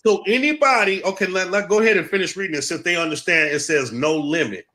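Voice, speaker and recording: Male host, bright higher-pitched voice, emphatic, repeats points for viewers. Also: fast. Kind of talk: casual live-stream talk.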